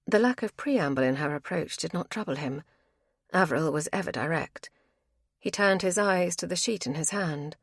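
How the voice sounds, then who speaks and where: A low-voiced woman reads an audiobook aloud, keeping her storytelling calm and even. There's no echo, just clean studio audio of scripted narration.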